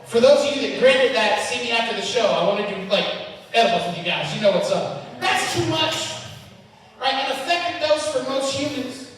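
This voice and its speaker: A man doing a loud, profane, self-mocking stand-up set on a comedy club stage, with big shouted punchlines. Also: very high-pitched, animated, brisk, heavy reverb, big-room sound, distant mic, slight background noise, rough recording.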